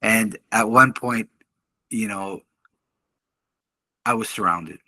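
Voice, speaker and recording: A middle-aged man, a podcast guest, telling a story in casual talk, animated and laughing often as he acts out what others said. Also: on the low side, slow pace, no room sound. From Canada. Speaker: podcast guest, martial arts instructor.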